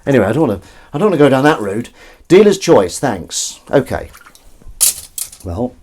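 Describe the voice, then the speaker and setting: His mid-range voice swings widely in pitch at a moderate pace, a little mellow with a breathy edge. The man is hosting a comedy livestream from his kitchen sink, washing up as he chats, reads viewer comments, and rambles with self-mocking humor. Water runs and dishes clink in the background.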